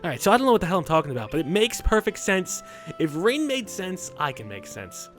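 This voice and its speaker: A man's voice: high voice, sing-song, brisk, fairly bright tone, faint music behind. A man hosting a let's play, reading a visual novel aloud with crude, rambling joking asides.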